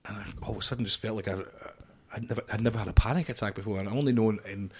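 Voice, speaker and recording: A middle-aged man, a podcast guest, telling a story in an animated, swearing way and acting out the dialogue. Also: on the low side, rapid-fire, breathy edge. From United Kingdom.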